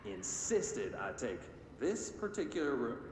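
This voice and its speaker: An actor playing a male doctor calling into a radio show to tell an eerie motel story, in a measured storytelling manner. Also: a little high, very animated, vocal fry, full character voice. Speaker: radio caller telling a story. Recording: roomy radio broadcast over loud music.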